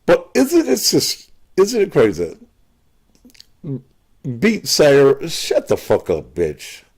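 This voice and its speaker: A man's voice: fairly high pitch, huge pitch swings, slow, darkish tone, husky. A man hosting a call-in show as a pastor, combative and profane, lecturing callers.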